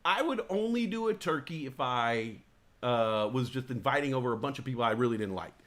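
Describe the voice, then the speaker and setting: A man hosting a live talk stream, chatting casually in a rambling, excitable, profane way. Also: mid-range voice, a little fast. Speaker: talk show host. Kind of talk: casual chat.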